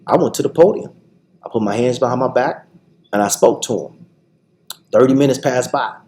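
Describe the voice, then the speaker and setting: A man's voice: medium pitch, moderate pace, dark tone. Man telling his story with faint background hiss. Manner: emphatic storytelling with frequent repetitions and restarts; acts out quoted voices. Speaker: guest, TV show founder. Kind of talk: personal testimony in a radio interview.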